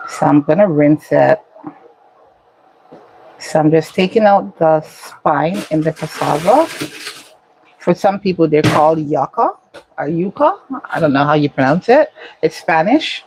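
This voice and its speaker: A woman hosting a casual home cooking vlog, explaining each step in an unhurried way as she cooks in her kitchen. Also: low voice, animated, background noise. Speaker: cooking channel host.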